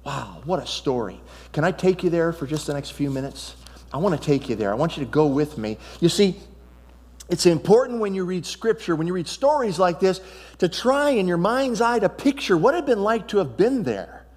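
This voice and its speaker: A man giving a sermon as a pastor, in an animated preaching manner that acts out Bible dialogue and asks the congregation questions. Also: high voice, normal speed. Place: church sanctuary. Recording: long hall reverb.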